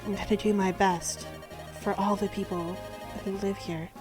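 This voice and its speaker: A woman's voice: mid-range voice, flat delivery, moderate pace, over music, lightly acted. A woman voicing an earnest young male noble lord as she reads game dialogue aloud, in close to her own voice.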